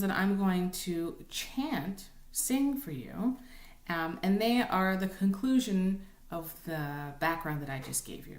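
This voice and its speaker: Woman cantor teaching, echoey room. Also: fairly low pitch. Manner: conversational, frequent ums and rhetorical "right?". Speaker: cantor teaching Torah chanting. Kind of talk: informal recorded lesson with sung examples.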